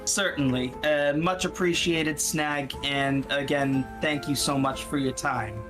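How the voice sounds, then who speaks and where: A man from Canada chatting as a player at a tabletop game, friendly and halting, often stumbling over repeated words. His voice sits fairly high for a man, with clear music playing behind him. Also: steady tone. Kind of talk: casual chat.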